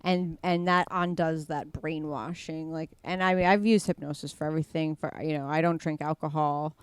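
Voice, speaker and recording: A woman's voice: sits low, steady tone, moderate pace, clear, resonant tone, no room sound. A woman guest on a podcast, a comedian who talks in an emphatic pep-talk style and repeats phrases for effect. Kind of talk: casual podcast chat.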